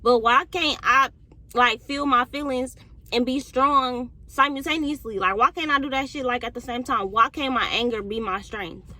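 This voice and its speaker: Bright-voiced young woman, candid rant. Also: sits high, moderate pace. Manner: candid, heavy cursing, swings between quiet and heated. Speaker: podcast host. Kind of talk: casual monologue.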